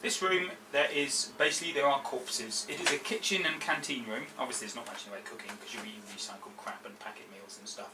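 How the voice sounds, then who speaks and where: A man's voice: medium pitch, fairly even intonation, fast talker, few pauses. A man acting as game master, describing scenes in a loose, chatty way with lots of fillers. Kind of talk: narrating a tabletop game. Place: around a gaming table indoors. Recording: roomy, distant table recording with background noise.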